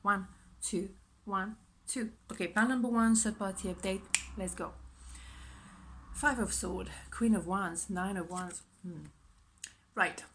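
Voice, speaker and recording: A woman with a husky morning voice, chatting emphatically and expressively as she gives a casual tarot reading to camera. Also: mid-range voice, steady tone, measured pace, pauses often, slight background noise. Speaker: tarot reader.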